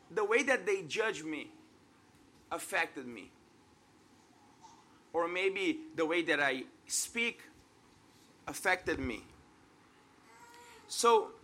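A man's voice: high-pitched, fairly bright tone. A man in his thirties from Brazil with a Brazilian Portuguese accent, preaching an earnest, conversational sermon and laughing at himself now and then. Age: 30s.

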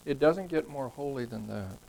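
Gravelly man leading a Bible study. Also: mid-range voice, animated, moderate pace, darkish tone, a little hiss or hum, low-quality recording. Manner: conversational, asks the group questions, repeats words when emphasizing. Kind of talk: interactive scripture teaching.

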